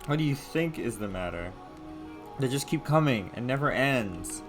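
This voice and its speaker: A man's voice: mid-range voice, expressive, moderate pace, over music, lightly acted. A man voicing a bold, defiant noble girl in a visual novel. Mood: exasperated.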